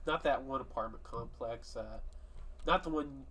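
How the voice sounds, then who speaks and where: A man's voice: medium pitch, moderate pace, a little hiss or hum. Crude, swearing young man on a podcast. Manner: crude, loud outbursts, heavy swearing. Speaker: podcast host. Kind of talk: casual chat.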